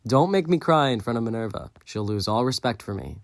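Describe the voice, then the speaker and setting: A man's voice: medium pitch, animated, brisk, no echo, clean studio sound, lightly acted. A man voicing a playful, teasing middle-aged father in an audiobook.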